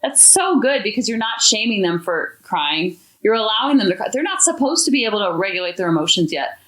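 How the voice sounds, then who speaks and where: A woman hosting a parenting podcast, talking in a chatty, animated, expressive way. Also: mid-range voice, a little fast. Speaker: podcast host. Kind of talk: casual parenting talk. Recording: echoey room.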